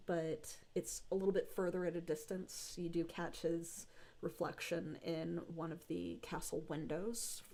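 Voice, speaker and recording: A woman narrating a tabletop game as game master, descriptive and unhurried with frequent fillers. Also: on the low side, creaky, warm tone.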